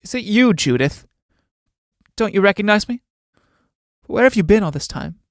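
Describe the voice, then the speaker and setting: A man's voice: sits high, animated, moderate pace, no room sound, clean studio sound, voice pushed up. A man reading a play aloud, voicing an earnest, impetuous young woman who speaks in emphatic, urgent questions.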